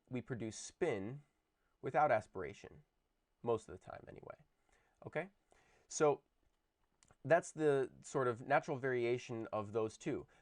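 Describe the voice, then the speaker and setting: A man explains linguistics in a recorded lecture, pausing to pronounce sample words aloud. His voice sits at a middle pitch. The sound is dry and close, with no room echo. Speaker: linguistics teacher.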